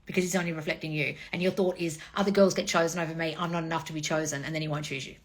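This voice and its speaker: A woman in her forties, a dating and manifestation coach, chatting casually on a livestream with blunt, profane tough love and swooping high replies. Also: steady tone, very fast. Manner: sweeping high "oh wonderful, darling" replies. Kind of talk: casual livestream chat reading comments.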